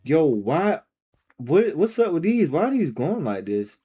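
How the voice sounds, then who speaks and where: A man live-streaming a game, reacting out loud in casual, slangy commentary and talking to himself and his viewers. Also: a little high, unhurried, breathy edge. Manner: excitable, slangy, talks to himself and chat.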